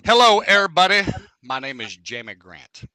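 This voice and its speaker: Lively, bright-voiced man telling stories. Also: high-pitched, moderate pace, clean tone, dry recording. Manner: animated storyteller, swings from loud to quiet. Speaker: podcast guest. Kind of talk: casual chat.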